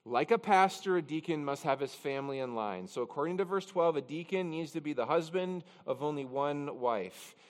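A man's voice: fairly high pitch, lively intonation, moderate pace, few pauses, big-room sound. A man pastor preaching a conversational expository sermon, with chatty, self-deprecating asides. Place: church sanctuary.

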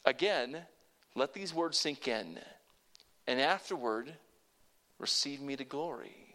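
An older man preaching a sermon, emphatic, swinging between hushed and loud passages and calling on listeners to repeat phrases after him. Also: mid-range voice, lively intonation, takes it slowly. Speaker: pastor.

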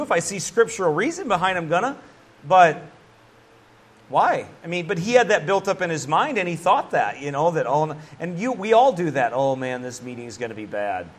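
A man preaching a conversational sermon as a pastor, animated, with laughs and asides. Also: high-pitched.

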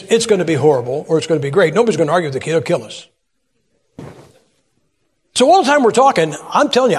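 Older preacher with a husky, high voice. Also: male voice, big-room sound. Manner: storytelling, asks the audience questions. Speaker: pastor. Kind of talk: sermon.

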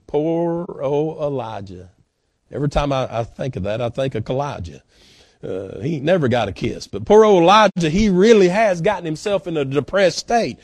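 A man's voice: a little high, normal speed, a little mellow, no room sound, clean studio sound. Folksy emphatic preacher man. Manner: folksy, emphatic, with frequent fillers. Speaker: guest pastor. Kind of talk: sermon. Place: church.

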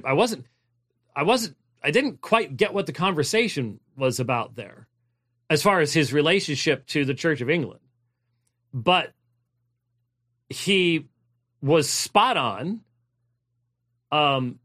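In a slightly high, fairly bright voice, this man delivers sermon-style exposition of a Bible passage as a pastor. His preaching is emphatic and wanders off track, full of fillers, restarts and repeated key phrases.

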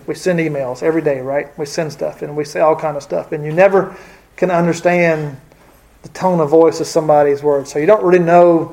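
A man's voice: a little high, darkish tone. A man teaching a casual Bible study, talking hesitantly with many fillers and restarts.

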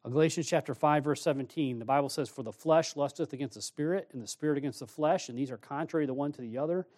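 A man's voice: a little high, quick pace. Folksy preacher man. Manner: folksy storytelling with lively acted-out dialogue. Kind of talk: sermon.

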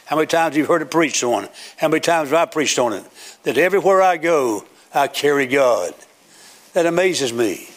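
Older male preacher, slightly high voice, emphatic rising cadence, church sermon. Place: church sanctuary with platform.

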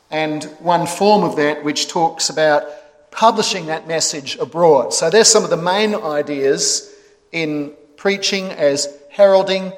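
A man preaching a sermon in a measured, emphatic way, stressing words and pausing between phrases. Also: a little high. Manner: measured, emphatic delivery with pauses. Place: church sanctuary. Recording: echoey church hall.

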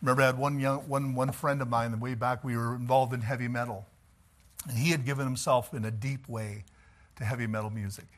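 A male pastor preaches a sermon, telling stories animatedly and chuckling along the way. His voice is mid-range and fairly quick.

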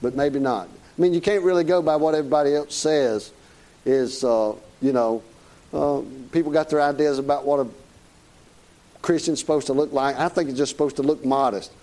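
A man's voice: fairly high pitch, moderate pace, warm tone. Folksy Southern preacher man. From Southern United States. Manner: folksy, joking, chuckles while preaching. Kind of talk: sermon.

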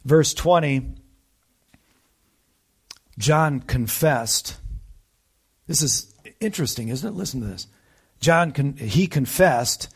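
A man's voice: on the high side, breathy edge. A man preaching a conversational sermon, teaching a Bible passage with emphasis and rhetorical asides to the listeners.

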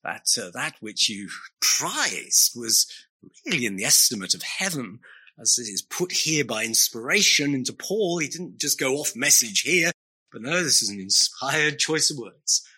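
Male preacher, emphatic sermon delivery, sharp forceful tone, husky edge. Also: mid-range voice, expressive, a little slow. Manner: earnest, emphatic, with wry asides and repetition for stress.

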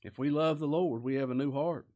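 A man's voice: on the high side, fairly quick, mellow. A man preaching a sermon, earnest and emphatic, with many rhetorical questions.

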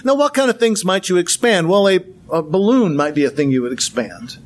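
A man's voice: high voice, lively intonation, fairly quick. A man giving an informal Bible lecture, conversational with many fillers and restarts and a dry sense of humor. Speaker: Bible teacher.

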